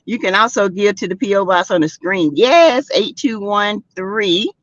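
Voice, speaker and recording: The dull, lo-fi audio carries a medium-pitched voice at a moderate pace, without echo. It belongs to a middle-aged woman from South Carolina who runs a relaxed gossip livestream, chatting animatedly and exclaiming straight to her audience.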